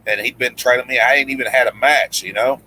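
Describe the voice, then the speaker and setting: Casting: man, bright and forward voice, casual rambling storyteller who voices the people in his tales. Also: mid-range voice, steady tone, fast, slight background noise, low-quality recording. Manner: rambling, many restarts, acts out quoted lines. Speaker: guest storyteller, former pro wrestler.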